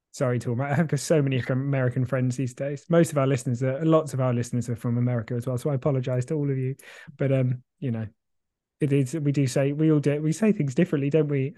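A man's voice: medium pitch, mellow, no room sound, studio quality. A man co-hosting a podcast in casual chat, rambling and reflective with many fillers and restarts. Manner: swears casually, laughs easily. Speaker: podcast co-host.

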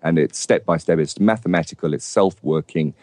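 Deep-voiced guest, stammering starts. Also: male voice, a little fast, dark tone, no room sound. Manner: stammering restarts, earnest. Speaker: podcast guest. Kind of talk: casual interview talk.

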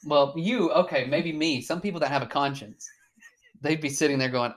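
Podcast host, mid-pitched voice; loose, profane, frequently laughing chat. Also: moderate pace. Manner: chatty, swears, laughs often. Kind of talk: casual chat.

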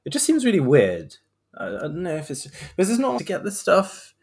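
Man, thirties, podcast host, sarcastic, rambling, very animated pitch. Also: normal speed, vocal fry. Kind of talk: casual podcast commentary.

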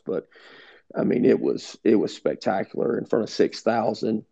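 A man's voice: lowish voice, normal speed, creaky. A middle-aged man, a head baseball coach, telling stories in an interview and acting out the quoted dialogue. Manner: animated storyteller who acts out quoted dialogue. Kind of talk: interview storytelling. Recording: dull lo-fi sound.

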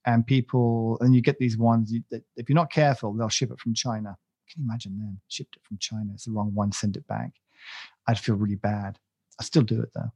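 Another male co-host speaks in a level, mid-range voice that is dark and husky, going a little fast. He rambles and pokes fun at himself with many fillers and restarts, recorded dry with no room sound.

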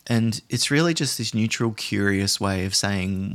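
Calm low-voiced man explaining. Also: unhurried, few pauses. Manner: calm, explanatory, conversational with many restarts. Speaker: podcast host. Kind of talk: instructional podcast monologue.

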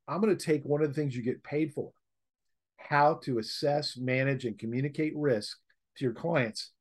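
Joking, animated male storyteller. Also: mid-range voice. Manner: lively, joking, acts out quoted people; blunt, slangy. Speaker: author. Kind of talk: anecdotal storytelling in an interview.

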